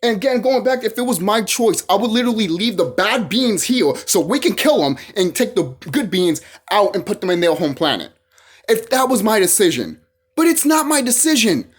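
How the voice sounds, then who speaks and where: Husky, heated ranting vlogger. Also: medium pitch, sing-song, moderate pace. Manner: heated, profane, repeats phrases and restarts. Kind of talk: ranting monologue to camera.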